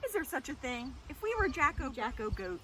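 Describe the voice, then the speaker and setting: A woman leading a children's lesson in a goat yard, animated and sing-song as she talks to the kids and her goats. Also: sits high, a little fast. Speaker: children's librarian. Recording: noisy outdoor goat yard.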